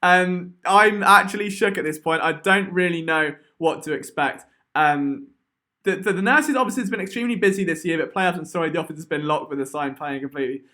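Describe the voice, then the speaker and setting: Excitable high-voiced English man. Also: a little fast. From England. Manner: excitable, rambling. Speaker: live stream host. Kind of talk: live stream chat.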